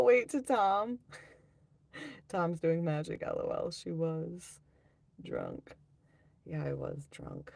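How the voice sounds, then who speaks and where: A woman's voice: deep voice, gravelly, dark tone, slightly rough, no room sound. A woman hosting a live stream, reading viewer comments aloud and chatting in a rambling, offhand way. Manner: rambling, offhand, quick to laugh at herself. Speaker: livestream host.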